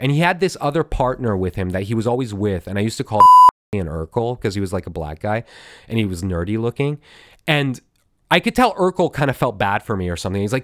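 A man's voice: lowish voice, very animated, brisk, fairly bright tone, no room sound, clean studio sound. A man hosting a podcast, telling a story in a loose, profane way with many fillers and restarts. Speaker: podcast host. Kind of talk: casual storytelling monologue.

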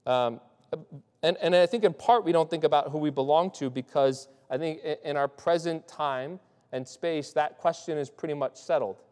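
A male pastor, voice smooth, a little mellow, and on the high side, preaches at normal speed. The sermon is loose and conversational, with sentences often restarted and listeners asked "right?". Long hall reverb fills the recording.

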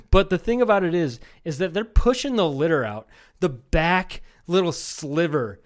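A man's voice: on the high side, expressive, a little slow. A man in his thirties from Iowa, co-hosting a comedy podcast and telling rambling, profane stories in casual chat. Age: 30s. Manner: rambling storyteller, swears a lot, mimics people. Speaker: podcast co-host.

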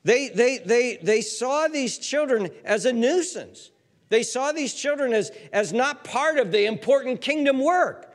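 A man's voice: very high voice, animated, unhurried. A man preaching a sermon as pastor, emphatic, repeating words and building lists of words that rise as he goes.

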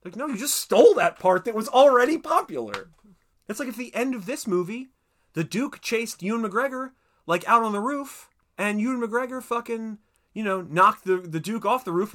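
A man's voice: sits high, animated, normal speed, fairly bright tone. A man co-hosting a podcast, chatting casually and profanely about a film, riffing and griping with mock voices. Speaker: podcast co-host. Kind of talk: casual chat, film review.

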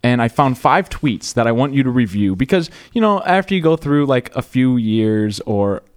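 A man's voice: medium pitch, moderate pace. A young man hosting a college radio show, chatting casually and jokingly with a guest in the studio. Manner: joking, rambling, animated.

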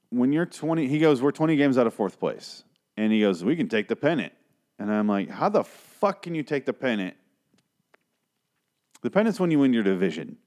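A man's voice: fairly low pitch, a little mellow. A man ranting casually about an old TV episode, exasperated and profane, rambling with lots of asides.

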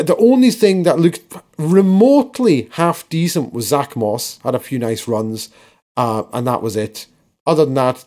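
A man co-hosting a podcast, recapping football games in casual chat, animated and laughing often, with some repeated words. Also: on the high side. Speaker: podcast co-host.

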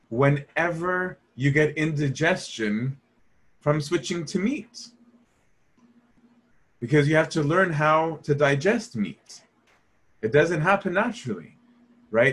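Husky-voiced man teaching Scripture. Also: medium pitch. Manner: asks the audience rhetorical questions; acts out quoted voices. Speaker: Bible study teacher. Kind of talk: conversational Bible study lecture.

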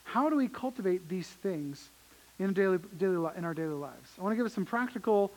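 A man's voice: sits high, animated, brisk, low-quality recording. A man preaching a sermon as pastor, earnest and emphatic, often repeating his phrases.

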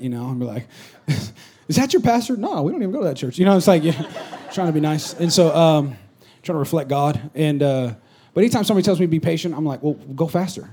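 A male pastor with a high, husky voice preaches a casual sermon. He rises to loud calls to the crowd, then drops to soft, joking asides. He is heard from a church stage. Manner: animated, swings from loud exhortation to quiet asides. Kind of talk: conversational sermon. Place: church stage before a congregation.

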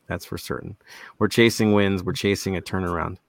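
A man's voice: deep voice, steady tone, fairly quick, gravelly. A male show host who wraps things up emphatically and hands off to his guest. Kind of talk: podcast hosting.

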